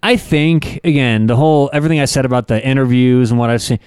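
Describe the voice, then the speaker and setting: A man's voice: mid-range voice, fairly even intonation, fast talker, a little mellow, smooth, no room sound, studio quality. A man co-hosting a casual sports talk show, loose and rambling with plenty of fillers. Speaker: co-host.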